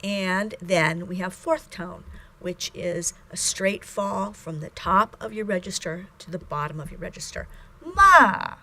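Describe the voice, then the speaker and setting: Slow, deliberate woman lecturing. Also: lowish voice, fairly even intonation, pushed and bright. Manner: slow and deliberate, with uhs and ums; sings out the example syllables. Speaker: language teacher. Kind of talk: recorded lecture.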